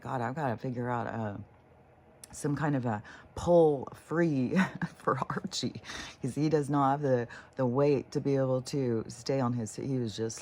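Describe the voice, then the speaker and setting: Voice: medium pitch, darkish tone, slight background noise. A vlogger telling a story casually to the camera, swearing freely and laughing along the way.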